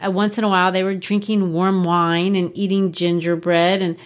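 A woman's voice: fairly low pitch, flat delivery, normal speed. A woman co-hosting a podcast, chatting casually about a book and laughing often. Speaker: podcast co-host.

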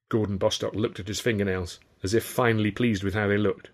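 A man's voice: fairly low pitch, steady tone, a little fast. A man, an author reading his own comic novel in a dry, wry storytelling way. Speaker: author and narrator. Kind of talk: audiobook narration of a comic novel.

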